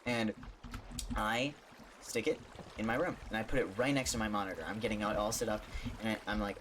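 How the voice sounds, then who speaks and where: A man who streams, telling a jokey story in a casual, animated way, stumbling over restarts and acting out the voices in his story. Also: lowish voice, brisk, pauses often, a little hiss or hum. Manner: animated, jokey, with stammered restarts and acted-out quotes.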